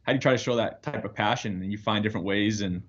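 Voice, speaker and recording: A man's voice: fairly low pitch, quick pace. A man, an air force firefighter, talking earnestly as a guest over a video call, with fillers. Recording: dull lo-fi video call audio.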